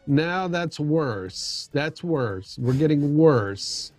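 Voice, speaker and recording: Slow, easygoing middle-aged male streamer. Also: a little high, lively intonation, a little mellow, no room sound, soft background music. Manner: rambling, self-deprecating, many restarts. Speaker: livestream host. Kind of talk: casual livestream chat.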